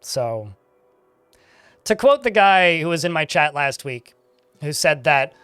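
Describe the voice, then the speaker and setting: A man's voice: on the high side, expressive, slow pace, sharp tone, clean tone, no echo, faint music behind. A young man streaming a game and chatting casually with his viewers, with a dry, sarcastic-sounding way of talking. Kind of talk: casual livestream chat while gaming.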